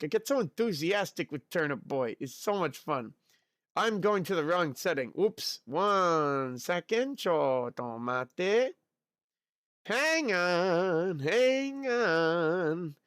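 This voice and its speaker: A young male virtual streamer chats casually on a livestream, goofy and talkative, repeating himself and slipping in Japanese filler words, with a slightly tired throat. His high-pitched, very animated, slightly bright voice comes slowly, with clean studio quality and no echo.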